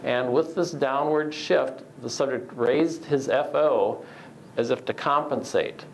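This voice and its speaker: Male lecturer, gravelly voice, measured and explanatory, faint noise under the recording. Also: mid-range voice, low-quality recording. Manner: measured, explanatory, frequent "uh" fillers. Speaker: researcher giving a lecture. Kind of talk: academic lecture with slides.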